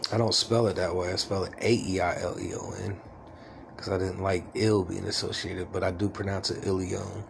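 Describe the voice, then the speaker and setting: A man's voice: low-pitched, little pitch movement, moderate pace, gravelly, noisy background. A man in his forties rambling in a casual, confiding vlog about his life, his luck and his name. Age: 40s. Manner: rambling, confiding, self-deprecating.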